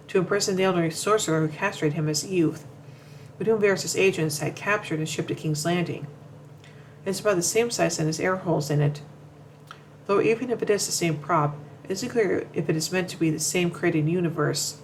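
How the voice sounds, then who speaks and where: Commentary narrator, reads from notes, trips over words and restarts, middling pitch, faint background noise. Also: poor audio. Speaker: show commentator.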